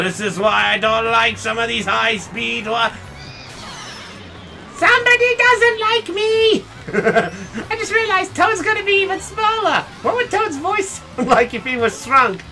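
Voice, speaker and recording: A male game streamer giving excitable live commentary, laughing often and chatting with viewers. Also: very high-pitched, measured pace, creaky, heavy background noise.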